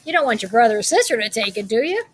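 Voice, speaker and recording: A woman teacher reading a picture book aloud and then explaining a writing lesson to young children, clear and encouraging. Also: a little high, sing-song, noisy background. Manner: encouraging, speaks slowly and clearly.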